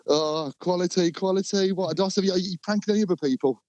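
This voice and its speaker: Guy on a phone call, laughs a lot, swears, bit high voice. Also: fairly quick, a little mellow, dry recording. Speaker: prank call target. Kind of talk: casual phone chat.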